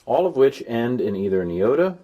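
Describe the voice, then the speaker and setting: A middle-aged man teaching a recorded Greek lesson, sounding out vowels slowly and repeating them with enthusiasm. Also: medium pitch, very animated, highs cut off.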